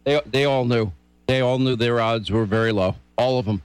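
A man hosting a political radio talk show, giving urgent, forceful commentary. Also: mid-range voice, moderate pace, smooth, dry recording, faint music behind.

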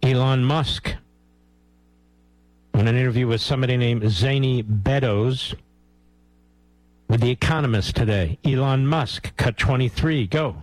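A man's voice: mid-range voice, unhurried, pauses often, a little mellow, no echo, low-quality recording. A man hosting a talk radio show, delivering emphatic, repetitive commentary straight to his listeners. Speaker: radio host.

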